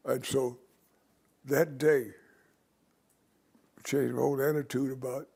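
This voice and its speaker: An older man, an interview guest, telling stories from his life in an unhurried, reflective way. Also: medium pitch, flat delivery, creaky, warm tone, breathy edge. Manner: unhurried, reflective storytelling with small restarts. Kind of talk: storytelling in conversation.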